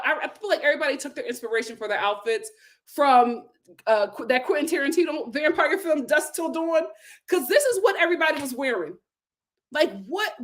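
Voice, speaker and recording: This is a woman's high voice, hosting an easygoing reality show recap. Her delivery is animated and full of exclamations, with plenty of "I can't believe it" moments along the way.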